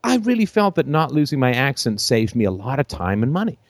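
A British-accented man hosting a call-in show, talking off the cuff in an animated way, laughing often between phrases, with a theater-trained voice. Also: mid-range voice, brisk, no room sound, clean studio sound. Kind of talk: unscripted call-in show monologue.

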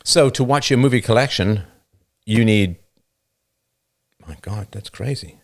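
A man with a lowish voice hosts a livestream at an unhurried pace. He holds forth in a casual, emphatic monologue into a new studio microphone, tagging his points with "right?" again and again.

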